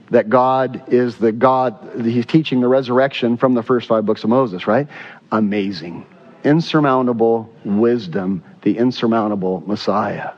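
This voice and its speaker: A man's voice: medium pitch, a little mellow. A man preaching a sermon as pastor, emphatic and repetitive, with frequent fillers. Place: church sanctuary. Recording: dull sound with long hall reverb.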